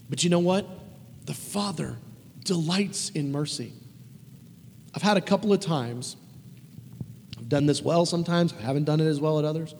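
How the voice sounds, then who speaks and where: A man preaching a conversational sermon, emphatic and animated, with casual asides. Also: on the high side, normal speed, vocal fry, long pauses, slight background noise. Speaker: pastor. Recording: long reverb of a large hall.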